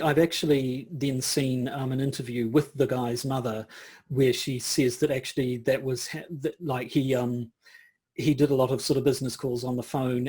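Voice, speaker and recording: A man's voice: mid-range voice, darkish tone, breathy edge. A man co-hosting a podcast, talking in a casual, rambling way as he thinks aloud. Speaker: podcast co-host. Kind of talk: casual chat.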